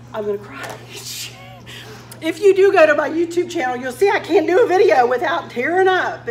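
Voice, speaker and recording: A woman crafting instructor talking to a room of women, chatty and full of quoted back-and-forth stories. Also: medium pitch. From Virginia, USA. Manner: chatty, warm storytelling with quoted exchanges. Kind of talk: friendly class talk to a group.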